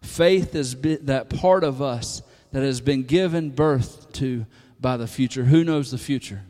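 A man preaching a sermon to a congregation, moving from hushed lines to loud, emphatic calls. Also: mid-range voice, measured pace. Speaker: pastor. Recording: long hall reverb.

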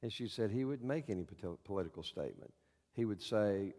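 Pastor guy, lowish voice, folksy sermon full of uhs, church echo. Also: big pitch swings, fairly quick, creaky, mellow. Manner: folksy, hesitant with many fillers. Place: church sanctuary.

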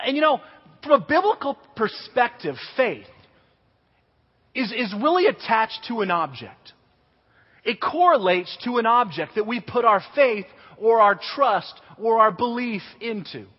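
Animated preacher in a hall. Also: male voice, high voice. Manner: animated storyteller, acts out quotes. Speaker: pastor. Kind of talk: sermon teaching with a personal story. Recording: dull reverberant hall recording.

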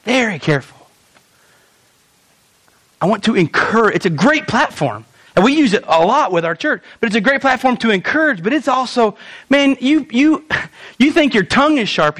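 A young male pastor delivering a sermon with a high, lively voice that swoops up and down. He fires off rhetorical questions and plays out the lines he quotes.

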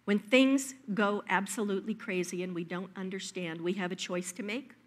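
A woman delivering a sermon with plenty of personal stories. Her voice sits at an ordinary middle pitch. She tells the stories in a lively, emphatic manner. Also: normal speed. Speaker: preacher.

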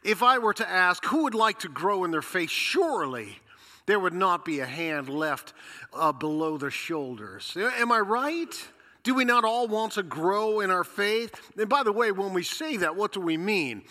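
A bright, fairly high-voiced man preaching in a church sanctuary, talking easily and posing questions to the room. He is getting over a cold, and his voice carries a long reverb from the hall. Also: expressive, measured pace. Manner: conversational, storytelling with rhetorical questions. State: recovering from a cold. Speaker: pastor. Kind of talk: sermon.

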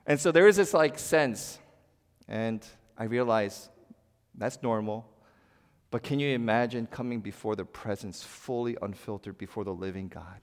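A male pastor delivering a sermon, swinging between forceful emphasis and hushed, quiet passages. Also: on the low side, normal speed, long reverb tail. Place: church.

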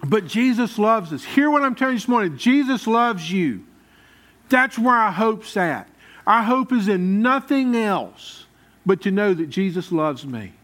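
A high-pitched man delivers a sermon. As the pastor, he preaches in a folksy, conversational manner, talking straight to the congregation. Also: expressive, a little slow, fairly bright tone.

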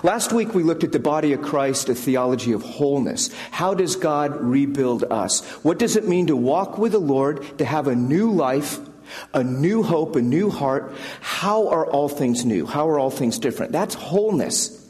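A man delivers a sermon in a relaxed, conversational way, stopping to act out the voices in his stories. His voice is slightly husky, and it rings out with the long reverb of a large hall. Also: on the high side, normal speed. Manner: conversational, acts out quoted characters with voices. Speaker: pastor. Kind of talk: sermon with storytelling.

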